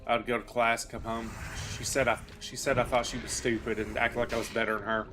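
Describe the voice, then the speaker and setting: A man's voice: mid-range voice, level tone, a little fast, over music. Rambling, chatty male game streamer. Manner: rambling, chatty, self-deprecating asides. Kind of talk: casual chat while playing.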